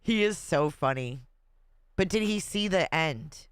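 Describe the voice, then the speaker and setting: Chatty host with a smooth, dry voice. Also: mid-range voice, expressive, measured pace, fairly bright tone, no echo. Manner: chatty, laughs often, reads comments aloud. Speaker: livestream host. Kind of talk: casual livestream chat reading viewer comments.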